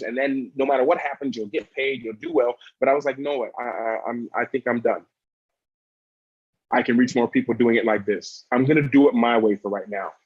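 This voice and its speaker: A man's voice: medium pitch, slightly rough, dry recording. A man in his thirties telling a personal story as a motivational video, earnest and emphatic, repeating key phrases. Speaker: motivational YouTuber. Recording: dry, slightly dull sound.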